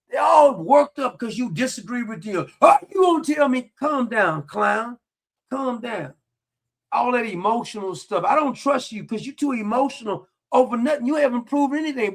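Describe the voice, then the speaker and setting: High raspy-edged guy ranting on his commentary show, mocking and combative. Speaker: political commentary host. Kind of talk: ranting monologue.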